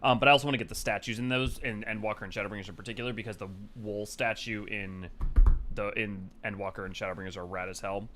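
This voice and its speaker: A man's voice: lowish voice, fairly even intonation, fast, bright, forceful tone, a little hiss or hum. A young man hosting a game stream, chatting casually with many fillers and some swearing. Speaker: streamer host. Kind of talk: casual live-stream chat.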